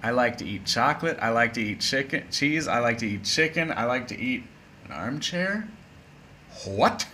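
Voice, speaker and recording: A man's voice: mid-range voice, brisk, few pauses, bright, forceful tone, slight background noise. A man teaching an English lesson in a casual, playful, chatty way, with spoken asides.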